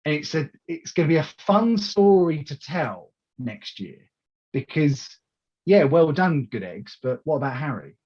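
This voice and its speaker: A man with a husky, slightly raised voice talks in a casual interview. He tells his stories with animation, stumbling into restarts and acting out what people said. The recording sounds dull and lo-fi. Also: on the high side, a little slow. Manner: animated storyteller who acts out quoted lines, with many restarts. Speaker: wrestling promoter.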